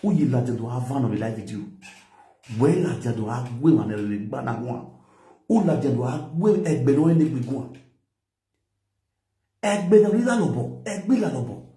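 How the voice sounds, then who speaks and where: This man is a social media commentator with a Nigerian accent, lecturing and scolding while mixing pidgin with a local language. His medium-pitched voice is animated and mellow, at normal speed with long pauses, and the sound is reverberant.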